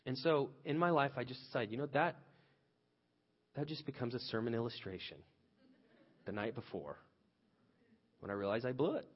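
A man in his thirties gives a conversational sermon and tells stories from his own family life. He restarts phrases often and gets loud when he quotes himself. The sound is dull and lo-fi, with a long reverb from a large hall. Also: medium pitch, moderate pace, pauses often, slightly rough. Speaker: pastor.

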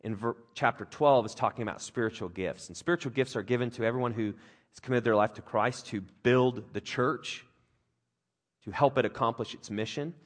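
A pastor, a man who's a father of young kids, delivers a conversational sermon full of jokes and playful put-on voices for other people. His voice sits at a medium pitch and moves fairly quickly, and his manner is animated.

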